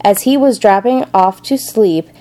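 A woman reading a storybook aloud in a calm, measured narrating voice. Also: medium pitch, rough recording.

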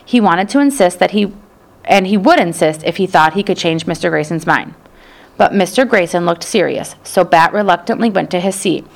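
In this audiobook, a woman narrates with a fairly low, gravelly voice. Her storytelling is steady and even, and her delivery stays calm and measured.

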